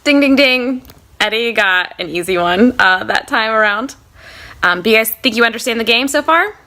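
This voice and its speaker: Bright-voiced playful American woman. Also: fairly high pitch, normal speed. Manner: playful, laughs often. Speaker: co-host running a game segment. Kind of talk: casual podcast chat.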